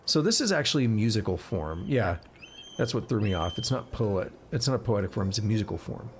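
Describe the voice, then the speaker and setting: A man's voice: lowish voice, animated, fairly quick, a little hiss or hum. A man streaming a game live, chatting casually and reading in-game text aloud, stumbling over words and correcting himself.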